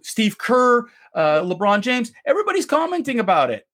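A man's voice: extremely high pitch, very animated, normal speed, a bit bright. A man from Canada, co-hosting a heated debate, ranting passionately and swearing. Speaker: co-host.

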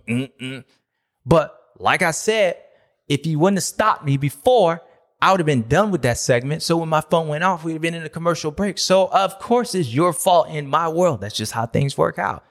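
A man hosting a motocross recap show, ranting in a playful, self-mocking, grumpy way. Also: a little high. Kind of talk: casual ranting commentary.

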